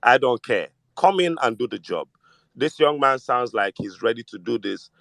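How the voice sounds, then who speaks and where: A Nigerian man with a Nigerian accent talking politics in casual, animated chat, switching between Pidgin and English. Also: medium pitch, normal speed, vocal fry, no echo. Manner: animated, mixes Pidgin with English, mimics voices. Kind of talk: casual political chat in a live audio space.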